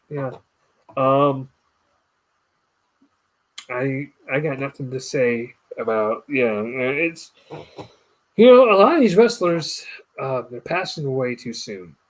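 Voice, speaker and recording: Animated young man telling a story. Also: mid-range voice, slow, long pauses. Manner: storytelling, animated mimicking voices. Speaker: podcast host. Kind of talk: casual chat.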